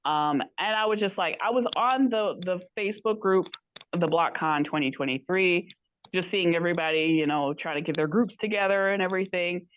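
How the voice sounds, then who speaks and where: A woman's voice: on the low side, fairly quick, no room sound, dull audio. A woman guest telling a story in casual chat, rambling and acting out the quoted lines of others. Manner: rambling, acts out quoted dialogue. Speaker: podcast guest.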